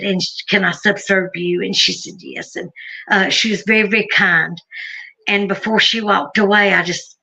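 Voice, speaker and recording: A woman from Alabama with a Southern accent tells her story on a live stream, chatty and rambling, laughing often. Her mid-range voice is bright and forceful with vocal fry, and the recording sounds muffled.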